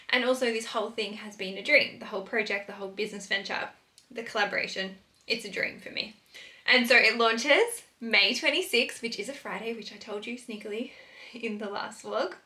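A woman's voice: on the high side, sharp tone, roomy sound, a little hiss or hum. A young Australian woman chatting casually to camera in an upbeat vlog at home. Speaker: vlogger.

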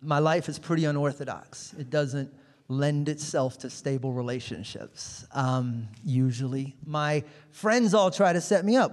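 Comedian guy doing his set, acts out the quotes, yells punchlines, live room with long echo. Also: a little high, a little slow. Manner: storytelling with acted-out quotes and sudden shouted punchlines. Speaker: stand-up comedian. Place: comedy club stage. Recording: live in a large reverberant venue.

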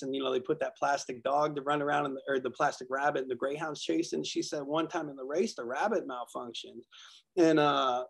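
A man shares at a recovery workshop in a rambling, self-deprecating way. His voice sits a little high, and a husky, breathy grain runs through it. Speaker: workshop speaker. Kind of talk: casual sharing at a recovery workshop.

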